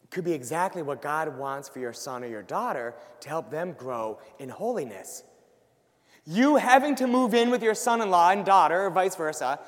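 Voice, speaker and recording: Animated man preaching in a reverberant hall. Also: sits high. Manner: animated, acts out worried voices. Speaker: Catholic speaker. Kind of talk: church talk to a live audience.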